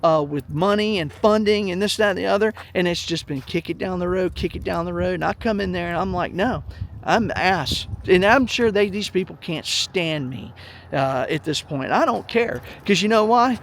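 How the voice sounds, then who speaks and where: A man's voice: high-pitched, moderate pace, creaky, slight background noise. A middle-aged man telling a story in a blunt, profane, heated rant to his viewers. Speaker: vlog host. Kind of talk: blunt ranting monologue.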